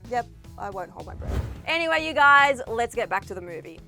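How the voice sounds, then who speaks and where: A woman's voice: a little high, sing-song, creaky, bright, forceful tone, soft background music. An Australian woman hosting an entertainment news show and interviewing film cast, bubbly and playful. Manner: bubbly, playful, quick to laugh. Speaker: entertainment reporter and host.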